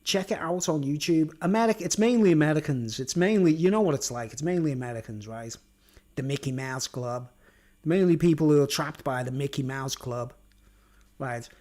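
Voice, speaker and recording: A man's voice: a little high, normal speed, a little mellow. A man, rambling through a monologue and constantly tacking on "right?" and "you know what I mean?", blunt and sweary, with chuckles. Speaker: vlogger.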